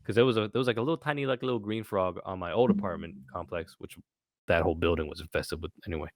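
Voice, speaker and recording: Young male podcast co-host, low-pitched, lively sweary storyteller, dry recording. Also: quick pace, no echo. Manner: animated storytelling, swears often. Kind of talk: casual chat.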